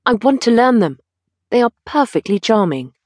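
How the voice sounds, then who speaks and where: A woman voicing an eager, petulant young gentleman in an audiobook, with lively, pleading delivery. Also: fairly high pitch, normal speed, no room sound, studio quality, voice pushed up.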